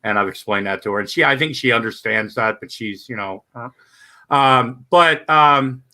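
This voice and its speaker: A man's voice: mid-range voice, moderate pace, pushed and bright. A man hosting a livestream, telling rambling stories full of fillers and swearing in casual chat. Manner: rambling storyteller, lots of fillers. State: stoned.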